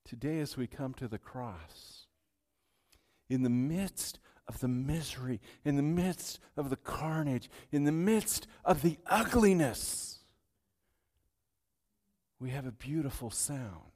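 A male pastor preaching a sermon in a church, dropping to near-whispers at times and building to loud, triumphant declarations. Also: medium pitch, lively intonation, slow. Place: church sanctuary.

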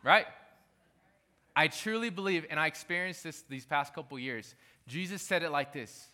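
A man's voice: fairly high pitch, normal speed, pushed and bright. A man preaching a sermon as pastor, talking emphatically and repeating his key phrases.

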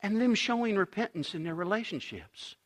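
A middle-aged pastor preaching a sermon, emphatic, dropping to a hush and then rising loud again. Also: male voice, sits high, lively intonation, brisk. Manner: emphatic preaching, swinging between loud and hushed.

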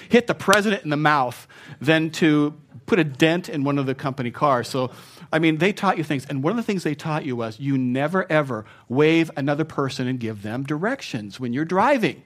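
Male pastor, slightly high voice, chatty sermon, self-mocking, teases the pews. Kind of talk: conversational sermon. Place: church sanctuary.

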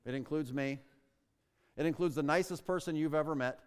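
A man's voice: a little high, a little fast, smooth. A man preaching a sermon as pastor, emphatic and full of rhetorical questions, stretching out key words for stress. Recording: long reverb of a large hall.

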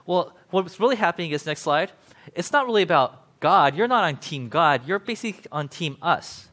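Male pastor, casual sermon, slightly high voice, chatty paraphrasing. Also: moderate pace. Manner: conversational, animated paraphrasing with frequent "like" and "right?".

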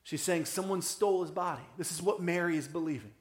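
A man preaching a conversational sermon as a pastor, often checking in with "right?" and dropping soft and low for emotional moments. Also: fast, roomy sound.

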